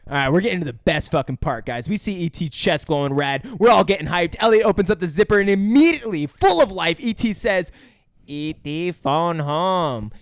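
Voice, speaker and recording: A man's voice: sits high, lively intonation, fast talker, few pauses, no echo, studio quality. A young man co-hosting a podcast, recapping a movie in casual chat, swearing and acting out lines. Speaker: podcast co-host.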